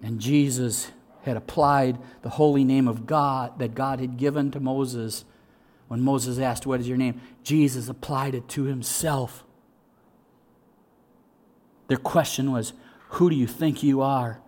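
A middle-aged man preaching a sermon as pastor, swinging from loud, lively storytelling to hushed, slow emphasis. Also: mid-range voice.

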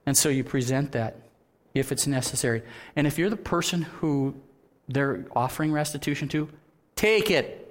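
Male pastor in the pulpit, average pitch, expressive sermon delivery with acted-out quotes. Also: normal speed. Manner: animated storytelling, acts out quoted voices, laughs at himself; drops to a soft, quiet voice for earnest points.

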